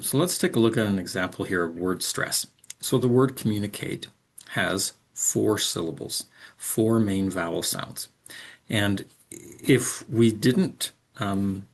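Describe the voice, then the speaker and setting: A man with a fairly low, gravelly voice that carries a husky edge. He explains things in a measured lecturing way and pauses often on "um". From English speaker. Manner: measured, explanatory, frequent "um" fillers. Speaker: instructor. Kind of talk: recorded lecture.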